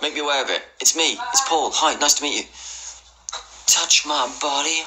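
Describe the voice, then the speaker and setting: A man's voice: a little high, moderate pace, a crowd in the background, poor audio. A man livestreaming in casual chat, greeting viewers by name, teasing and repeating a catchphrase. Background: music playing.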